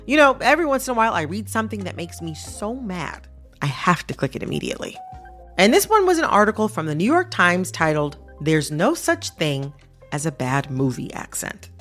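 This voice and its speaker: A woman hosting a radio podcast, delivering scripted narration and interview questions in a lively, emphatic and playfully indignant way. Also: on the low side, brisk, soft background music. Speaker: podcast host. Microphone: studio microphone.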